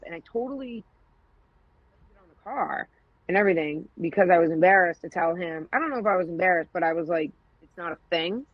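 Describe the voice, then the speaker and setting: A woman's voice: fairly low pitch, fairly quick, breathy edge, no room sound, muffled recording. A woman co-hosting a podcast, telling stories in candid casual chat, acting out quoted dialogue and swearing freely. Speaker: podcast co-host.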